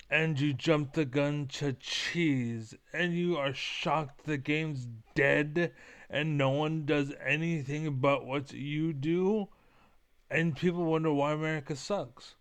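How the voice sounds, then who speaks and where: Gravelly, slow-talking streamer man. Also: fairly high pitch. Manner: profane, ranting, trash-talking. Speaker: game streamer. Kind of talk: live gameplay commentary.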